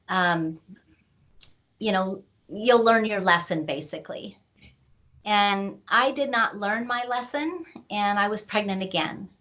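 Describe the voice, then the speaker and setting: A middle-aged woman, an author, slowly telling a painful personal story in an interview, with many pauses and fillers. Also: medium pitch, a bit bright. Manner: slow, reflective, with many fillers. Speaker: author and guest.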